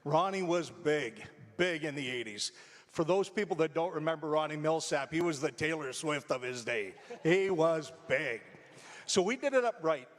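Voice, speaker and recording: Man, radio storyteller, animated and emotional, slightly high voice, long hall reverb. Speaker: radio personality telling stories on stage. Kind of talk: storytelling speech to a live audience. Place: theatre stage.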